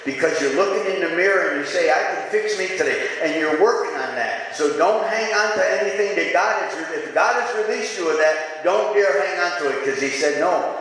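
A man's voice: sits high, animated, fairly quick, few pauses, fairly bright tone. A pastor preaching a sermon to his church, leading the congregation in call-and-response and repeating lines for emphasis. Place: church sanctuary. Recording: echoey church hall with faint room noise.

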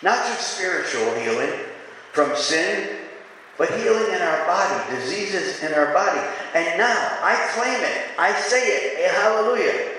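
A man's voice: sits high, animated, unhurried, bright, forceful tone. A pastor preaching a sermon to his church, leading the congregation in call-and-response and repeating lines for emphasis. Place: church sanctuary. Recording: echoey church hall with faint room noise.

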